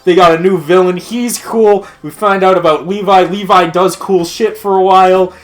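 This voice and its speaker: A man's voice: sits high, steady tone, moderate pace. A man ranting in casual commentary, swearing freely and breaking into laughter. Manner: profane, laughing rant. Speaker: let's play commentator.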